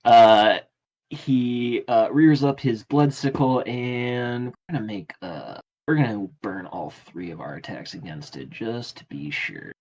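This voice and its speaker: A man with a mid-pitched voice narrates a tabletop game as its game master. He talks casually, hesitating on lots of fillers as he works through rolls and describes the action. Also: lively intonation, darkish tone, rough recording. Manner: casual, halting, many fillers.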